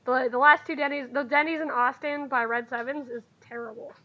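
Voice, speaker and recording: A woman's voice: high-pitched, fairly even intonation, a little fast, a little hiss or hum. A woman narrating as game master in a tabletop game, in a chatty way with frequent laughs. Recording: dull lo-fi recording.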